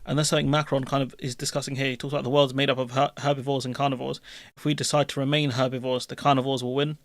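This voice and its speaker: A man's voice: medium pitch, flat delivery, racing, dry recording. A young man chatting casually on a live political stream, rambling with restarts and offhand swearing.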